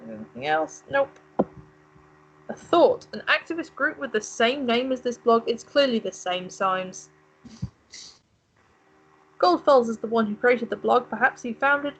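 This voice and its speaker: A woman's voice: a little high, a little slow, vocal fry, long pauses, a bit bright, slightly rough, poor audio. A woman co-hosting a let's play, chatting and musing aloud as she reads game text. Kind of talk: casual gaming commentary.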